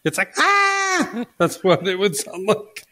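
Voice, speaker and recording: A man's voice: high voice, steady tone, normal speed, fairly bright tone. A man appearing as a guest on a podcast, speaking in a laid-back, hesitant way with lots of fillers. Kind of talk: casual podcast chat.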